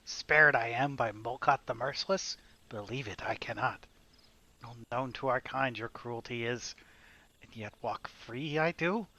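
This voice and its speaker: A man's voice: mid-range voice, sharp tone. A man voicing a sly, cringing male birdman scout who speaks with backwards word order. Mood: bargaining.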